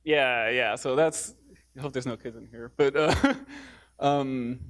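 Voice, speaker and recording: A man's voice: mid-range voice, fairly even intonation, measured pace, a bit bright, clean tone. A man giving a public talk in a theater, hesitant, with many fillers and restarts. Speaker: speaker.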